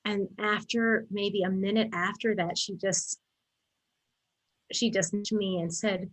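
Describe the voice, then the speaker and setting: A woman's voice: medium pitch, takes it slowly, low-quality recording. A woman in her forties telling a travel memory in a casual, emotional way, often restarting her sentences. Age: 40s. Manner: excited, emotional storytelling with many restarts. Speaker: guest sharing a story. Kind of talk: casual spoken recollection.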